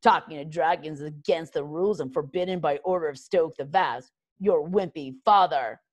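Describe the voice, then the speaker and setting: A woman's voice: sits low, moderate pace, dry recording, voice pushed down. A woman voicing a sneering boy Viking bully in a storybook read-aloud.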